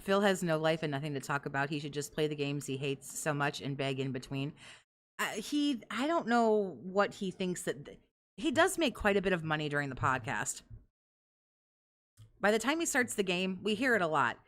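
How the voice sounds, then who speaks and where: A woman's voice: deep voice, very animated, normal speed, fairly bright tone. A woman hosting a commentary podcast, mocking clips in a sarcastic, profane tone.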